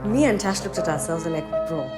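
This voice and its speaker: Lively young woman vlogging. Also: mid-range voice, fast talker, over loud music, low-quality recording. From Uganda. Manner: animated, chatty storytelling to viewers. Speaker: travel vlogger. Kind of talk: casual travel vlog narration.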